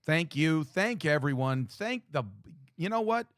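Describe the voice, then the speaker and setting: A man co-hosting a comedy podcast in a studio, chatting upbeat and wry with quick asides. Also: a little high, animated, fairly bright tone, dry recording. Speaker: podcast co-host. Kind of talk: casual comedic chat.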